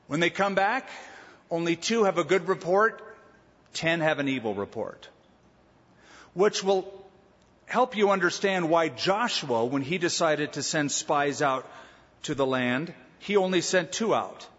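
A man from Southern California preaching an expository sermon with emphatic, drawn-out teaching delivery. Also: on the high side, lively intonation, fairly bright tone. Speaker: pastor. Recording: dull lo-fi sound with long hall reverb.

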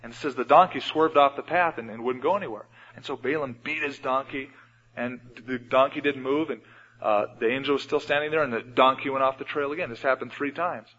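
A man preaching a sermon in a church, retelling Bible stories and often changing his loudness. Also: mid-range voice, fairly quick. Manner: storytelling, acts out Bible scenes with shifts in loudness. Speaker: pastor. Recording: dull radio broadcast with long hall reverb.

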